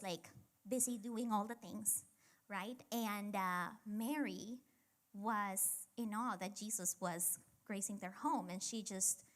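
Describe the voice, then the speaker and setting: A woman in her thirties hosting a casual faith talk, chatty and reflective, with many fillers. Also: a little high. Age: 30s. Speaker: church women's talk host.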